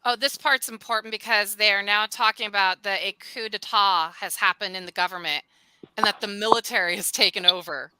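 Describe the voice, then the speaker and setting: A woman chatting casually as co-host, explaining things with an easy laugh. Her voice is very bright and smooth, recorded dry. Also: mid-range voice, steady tone, fairly quick, no room sound, low-quality recording. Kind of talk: casual chat.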